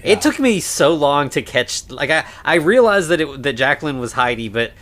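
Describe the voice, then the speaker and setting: A man co-hosting a podcast, recapping a film in casual chat, rambling with lots of fillers and quick laughs. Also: fairly high pitch, lively intonation, a bit bright. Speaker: podcast co-host.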